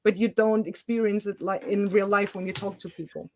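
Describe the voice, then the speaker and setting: A woman's voice: medium pitch, fairly even intonation, a little fast, a little mellow, a little hiss or hum. A woman with a Swabian German accent, a non-native English speaker, explaining things at length as the host of a casual video-call chat. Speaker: channel host.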